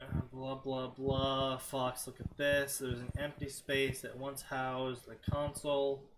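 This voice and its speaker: A man's voice: mid-range voice, completely flat delivery, slow, noisy background. A man co-hosting a stream, reading fanfiction aloud and skimming parts with mocking "blah, blah" asides. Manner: skims text with mocking "blah, blah". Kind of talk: casual stream commentary.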